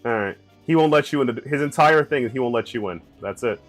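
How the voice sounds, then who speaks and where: A man's voice: mid-range voice, quick pace, soft background music. A man casually commenting on a video game he is playing, with chatty, joking asides. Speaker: let's play host.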